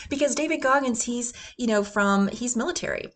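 Woman, podcast host, motivational, energetic, laughs often, medium pitch. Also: fairly quick, few pauses. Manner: breaks into gruff chanted quotes for emphasis.

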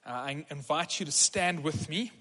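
A man's voice: on the high side, normal speed, pushed and bright. A man preaching as a pastor, earnest and encouraging, leading a congregation in prayer. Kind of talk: sermon. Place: large church hall. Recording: long hall reverb.

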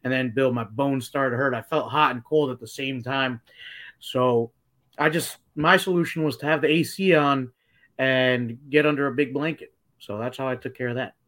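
A man's voice: mid-range voice, moderate pace, fairly bright tone. A young man from New Jersey co-hosting a casual chat show, easygoing and chatty. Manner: easygoing, chatty, says dude. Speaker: co-host.

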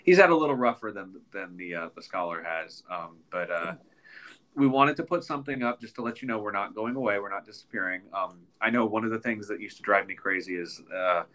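A man's voice: lowish voice, brisk, bright, forceful tone. A man co-hosting a podcast in casual chat, congested and nasal from a sinus infection, rambling with many ums and restarts. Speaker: podcast co-host.

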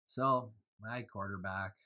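A man casually talking through his fantasy football picks on a podcast, loose and quick to laugh. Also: fairly low pitch, fairly even intonation, phone-quality sound. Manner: laughs easily, loose and joking. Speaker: podcast co-host.

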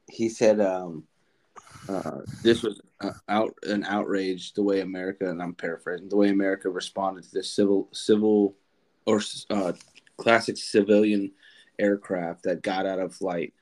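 A man's voice: low voice, fairly even intonation, normal speed, darkish tone. A young man co-hosting a podcast, chatting casually and rambling with lots of laughs and fillers. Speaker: podcast co-host. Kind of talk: casual chat.

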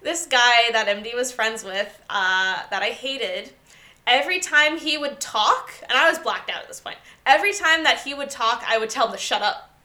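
A woman's voice: fairly high pitch, moderate pace, sharp tone. A young woman in her twenties telling stories in a casual chat, giggly and often trailing off.

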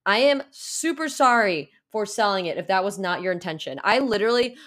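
A woman's voice: mid-range voice, animated, fairly quick, a bit bright. Rambling young woman podcast host. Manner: rambling and apologetic, stumbling restarts, lots of "like". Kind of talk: casual solo podcast chat.

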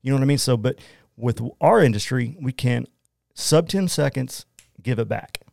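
A man's voice: medium pitch, animated, moderate pace, creaky, a little mellow, dry recording, clean studio sound. A man with an Oklahoma accent, a guest on a radio show, talking casually and energetically, often saying "man" and "you know". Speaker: guest, entrepreneur. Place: small studio.

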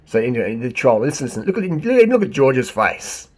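Husky man, sarcastic rant, animated reaction commentary, medium pitch. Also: a little fast. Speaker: bike shop owner and video host.

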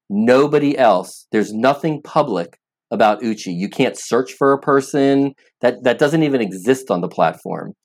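A man's voice: mid-range voice, a little mellow. A man being interviewed as an app founder, talking earnestly and with emphasis, often repeating words as he starts a thought. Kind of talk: interview conversation.

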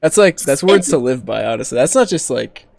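A woman's voice: extremely low pitch, lively intonation, fairly quick, creaky, darkish tone. A woman co-hosting a casual podcast, laughing often and trading playful quips. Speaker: podcast co-host. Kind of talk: casual chat.

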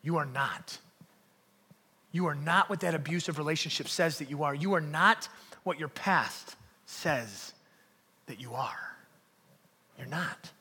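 A young man preaching a sermon in church, swinging from loud emphatic lines to hushed near-whispers. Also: fairly high pitch, husky, in a large hall. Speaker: pastor. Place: church hall.

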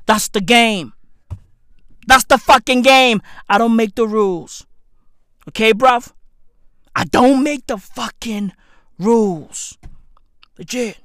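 Boastful high-voiced woman ranting. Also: no room sound, clean studio sound. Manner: boastful, slangy, shouty and laughing, calls listeners bruv. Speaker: comedic podcaster. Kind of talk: profane comedic rant monologue. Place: at home, neighbor's dog nearby.

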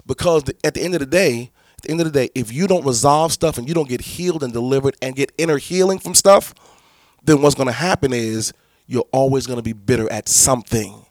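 A man's voice: mid-range voice, brisk, no room sound, studio quality. A man, a pastor, teaching church leaders in a preaching style, emphatic and repetitive with many restarts.

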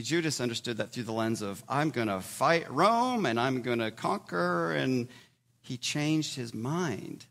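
A man preaching a sermon in a conversational way, with sudden loud emphatic bursts between quieter stretches. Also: mid-range voice, vocal fry. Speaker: pastor.

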